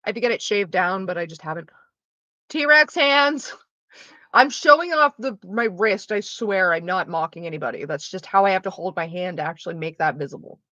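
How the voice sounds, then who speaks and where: A woman's voice: lowish voice, fast talker, hardly any pauses, fairly bright tone, dry recording, dull audio. A woman streaming a game, chatting loosely with her live viewers and answering them by name. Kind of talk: casual chat with live viewers.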